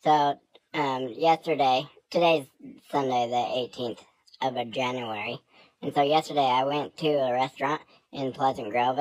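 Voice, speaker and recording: A woman telling a joking story straight to camera in a deadpan, playful way. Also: extremely low pitch, measured pace, no echo, poor audio. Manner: deadpan, jokey. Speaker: vlogger. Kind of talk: comic monologue to camera.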